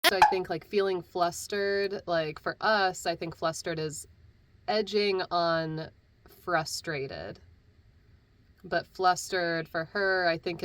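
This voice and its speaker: A woman voice actor talking through her week in a relaxed, reflective way. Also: deep voice. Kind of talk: vlog talk and voice-over.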